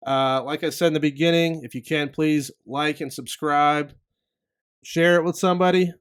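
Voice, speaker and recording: A man's voice: fairly high pitch, fairly even intonation, normal speed, clean tone. A man in his thirties hosting his own podcast, talking in a casual, rambling solo rant and acting out the people he quotes. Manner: rambling, candid, acts out quoted people in asides. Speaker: podcast host.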